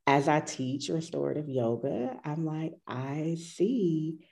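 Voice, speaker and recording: Speaking slowly with some vocal fry, a middle-aged yoga teacher tells casual, reflective stories about her practice. Her voice is low and mellow with lively intonation, and she imitates her own earlier reactions along the way.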